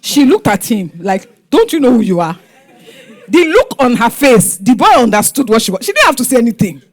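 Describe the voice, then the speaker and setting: A woman's voice: a little high, brisk. A middle-aged woman with a Nigerian accent, telling family stories on a panel and acting out what her relatives said. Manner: animated, acts out family members' lines. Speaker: guest speaker. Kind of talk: storytelling on a panel.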